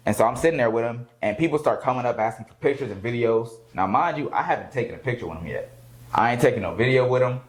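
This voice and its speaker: A man recounting a story to an interviewer in loose, casual conversation. He is animated and laughs often. He slips into other people's voices as he quotes them. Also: mid-range voice, fast, poor audio. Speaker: rapper guest.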